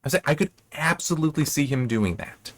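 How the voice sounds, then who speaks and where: A man's voice: a little high, animated, fast talker, dry recording. A man hosting a casual book review. He rambles, corrects himself mid-sentence and briefly acts out lines from the story. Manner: rambling, self-correcting, acts out quoted characters. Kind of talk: casual spoken book commentary.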